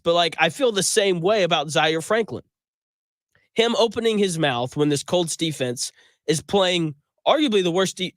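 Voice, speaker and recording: A man's voice: on the high side, fairly bright tone, no room sound. A man hosting a sports talk radio show, telling stories in a conversational, emphatic and opinionated way from a studio microphone.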